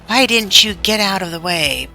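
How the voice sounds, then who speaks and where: A woman reading aloud, voicing a rough, blustering big boy who speaks surlily. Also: medium pitch, animated, moderate pace, sharp tone, faint music behind, voice pushed up, exaggerated voice, rough recording. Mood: rough, surly.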